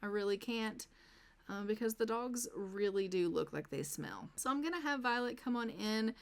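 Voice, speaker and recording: Speaking at a moderate pace with a fairly high, animated voice, a woman provides casual commentary while playing a life-sim game. She chats freely and addresses her in-game characters directly.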